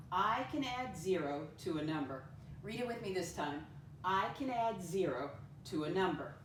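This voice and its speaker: A woman's voice: medium pitch, slight background noise. Sing-song woman teacher, echoey distant sound. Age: adult with a son. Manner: sing-song, slow letter-by-letter spelling to children. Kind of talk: first-grade math lesson. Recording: echoey room, voice off-mic.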